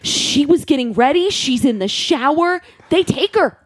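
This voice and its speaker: A woman's voice: sits high, lively intonation, a little slow, no room sound. A woman telling a dramatic family story in casual chat, acting out quotes and laughing often.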